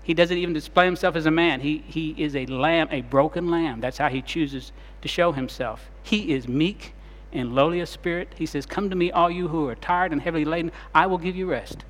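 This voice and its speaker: A man preaching a sermon as pastor, retelling scenes dramatically and shifting between loud and soft delivery. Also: fairly high pitch, fairly quick, few pauses, big-room sound.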